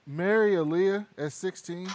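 A man's voice: high voice, unhurried, a crowd in the background. A man co-hosting a podcast, giving wry, questioning commentary in casual chat. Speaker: podcast co-host.

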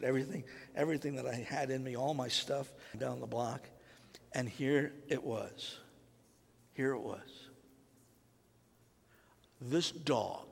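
A pastor delivering a sermon, telling a childhood story in a conversational way and drawing the congregation in with questions. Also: male voice, mid-range voice, gravelly, breathy edge. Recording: long hall reverb.

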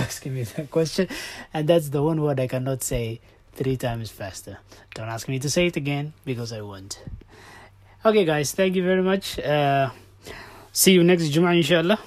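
A man's voice: a little high, normal speed, no echo. A man hosting a casual podcast, playfully rambling through a listener's question. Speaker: podcast host.

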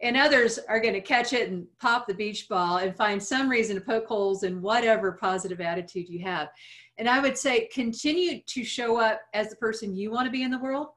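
A woman coach talks through listener questions in a calm, explanatory way. Her voice sits a little high, and she leans on everyday analogies to make her points. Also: a little fast. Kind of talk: advice podcast chat.

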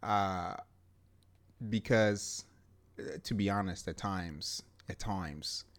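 A man's voice: low voice, slow pace. A young man co-hosting a podcast, talking casually and emphatically, often repeating "yeah" and "to be honest". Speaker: podcast co-host. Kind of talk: casual chat.

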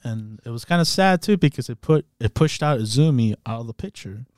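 A podcast co-host with a mid-range, expressive voice speaks briskly and a little mellowly, recorded dry with clean studio sound. He casually recaps anime, laughing often and acting out the characters' lines.

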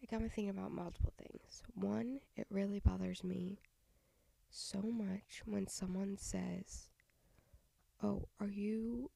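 In an unhurried, level, medium-pitched voice that is creaky and mellow, a young American podcast host talks alone on her show with no echo. Weary and half-whispering, she rambles openly, punctuating her thoughts with soft sighs and laughter.

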